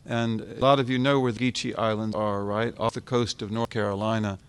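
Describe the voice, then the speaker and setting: His voice is fairly low, clear and resonant, delivered flatly and fairly quickly. He is a US-born guest scholar in his seventies speaking informally to an audience, reflective and repeating phrases for emphasis.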